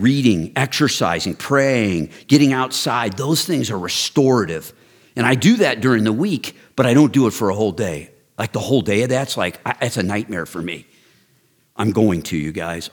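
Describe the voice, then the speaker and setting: A man in his sixties giving an earnest, direct ministry talk, building to excited, emphatic storytelling. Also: on the low side. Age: 60s. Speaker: men's ministry leader. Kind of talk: personal testimony talk.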